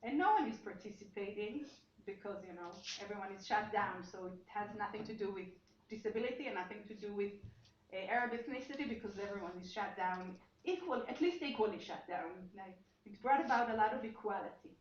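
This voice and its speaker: A woman's voice: medium pitch, expressive, brisk. A woman giving an academic seminar talk as lecturer, explaining her research and often restarting her sentences as she thinks aloud. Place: seminar room, indoors. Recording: echoey room, dull sound, faint noise.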